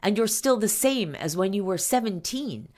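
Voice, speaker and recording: A woman voicing a middle-aged French socialite woman with a French accent, speaking in a halting, emphatic way. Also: medium pitch, lively intonation, darkish tone, pitched above the performer's own voice, natural voice. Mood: earnest.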